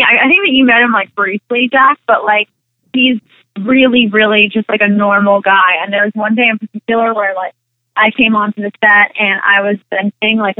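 A woman's voice: medium pitch, dry recording. A young woman guest in a casual interview, rambling with lots of "like" and "um" as she tells stories. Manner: rambling, full of "like" and "um", animated retelling. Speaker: interview guest, actress and singer. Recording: tinny phone-like line.

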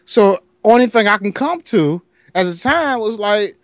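On a podcast, a high-pitched man with a Detroit accent tells a long, casual story a little slowly. He's an animated storyteller who imitates the other people involved and laughs frequently, and the sound is studio quality with no echo.

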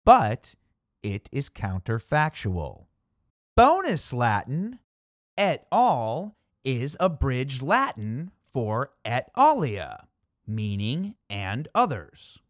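Pedantic male narrator, slow and showy, swoops wildly in pitch, dry close sound. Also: wildly swooping pitch, dry recording. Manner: pompous, pedantic, wordy. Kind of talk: scripted comedic narration.

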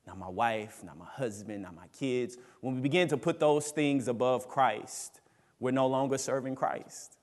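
A man preaching a sermon as pastor, emphatic, swinging between loud rises and quiet drops. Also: mid-range voice, a little slow, long reverb tail. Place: church sanctuary.

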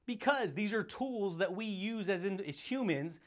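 Fired-up high-voiced man hyping listeners. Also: lively intonation, moderate pace. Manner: hyped, laughing often, calls listeners buddy, dude and baby. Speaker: motivational podcast host. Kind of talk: energetic motivational monologue.

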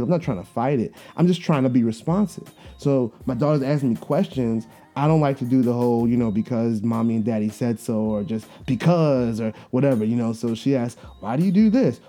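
A man in his thirties hosting a podcast, telling a casual story about his kids, animated and full of fillers, acting out their voices. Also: mid-range voice. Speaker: podcast host.

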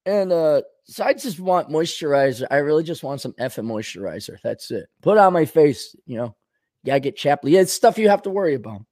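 A man hosting a podcast, rambling through a casual comedic monologue, going from low mutters to sudden outbursts. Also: big pitch swings, a little fast, a little mellow. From Minnesota. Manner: rambling, wisecracking, swings between mutters and outbursts. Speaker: podcast host.

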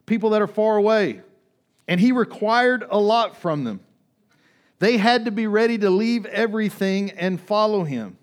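Male pastor, sermon delivery, conversational, somewhat high-pitched, big swings between loud and soft. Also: normal speed. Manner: conversational preaching with frequent "right?" asides.

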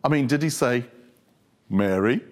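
A male preacher giving a humorous, animated sermon full of storytelling. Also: fairly high pitch, moderate pace.

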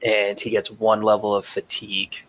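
A man lays out tabletop game rules in a plain, matter-of-fact voice, pausing on filler sounds. His voice sits a little low, with a faint hiss behind him. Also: monotone, fairly bright tone, low-quality recording. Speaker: rules helper.

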